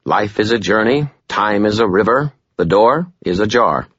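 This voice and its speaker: A man voicing a quirky, upbeat little man who speaks brightly. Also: lowish voice, expressive, moderate pace, breathy edge, no echo, muffled recording, voice pushed up. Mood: chipper. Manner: bright, chipper.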